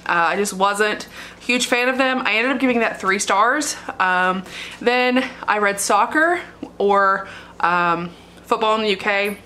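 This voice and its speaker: Young woman vlogger, bright tone, gushing and tearful, casual chat at home. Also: mid-range voice, a little slow, a little hiss or hum. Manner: gushing, emotional, laughs often. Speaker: book vlogger. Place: dark living room at home.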